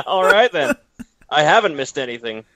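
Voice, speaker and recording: A man's voice: high voice, vocal fry, bright, forceful tone, dry recording. A man on a podcast panel chatting casually, often restarting his sentences. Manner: stammering restarts. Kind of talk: casual chat. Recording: dull lo-fi mic.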